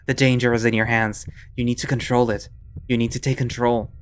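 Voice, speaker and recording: A man narrating a visual novel in the second person, steady and measured. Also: mid-range voice, clear, resonant tone.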